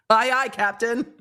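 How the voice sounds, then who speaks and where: A woman's voice: on the high side, clean tone. Laughing woman host reacting live. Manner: laughing, incredulous, animated reactions. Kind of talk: live stream commentary.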